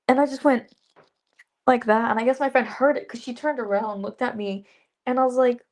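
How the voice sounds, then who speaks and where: A young woman, an actress guest, chatting casually in an interview and telling lively stories with laughs and acted-out quotes. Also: sits high, a little fast. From Dallas area. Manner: animated storyteller, laughs often, acts out quotes.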